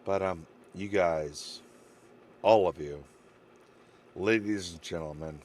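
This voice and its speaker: A man's voice: low voice, takes it slowly, darkish tone. A man streamer wrapping up a live stream, rambling and heartfelt, getting emotional as he thanks his viewers. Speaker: game streamer. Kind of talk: casual stream sign-off chat.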